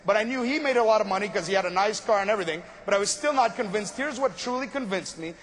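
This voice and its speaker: A man's voice: high-pitched, slight background noise. A young man from Montreal, telling a story about his start in business in a casual, joking way. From Montreal, Canada. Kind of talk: motivational storytelling talk.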